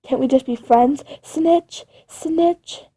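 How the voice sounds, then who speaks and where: A woman's voice: high voice, takes it slowly, dark tone. A woman voicing a mischievous young ghost girl who taunts in a sing-song way. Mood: taunting.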